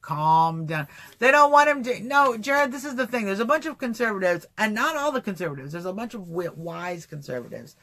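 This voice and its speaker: A man hosting a casual livestream talk show, rambling and animated, answering chat comments as he goes. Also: high voice, a little fast. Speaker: livestream host.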